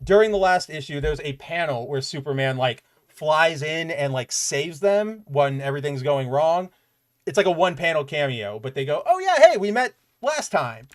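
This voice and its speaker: A man's voice: fairly high pitch, moderate pace. A man co-hosting a podcast, chatting casually and animatedly about comic books with loose asides and fillers. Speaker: podcast co-host. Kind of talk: casual comic book review chat.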